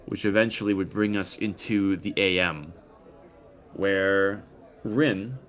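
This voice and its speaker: A man running a tabletop game, narrating the story in a measured, descriptive way with occasional pauses. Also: low-pitched, fairly bright tone. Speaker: game master.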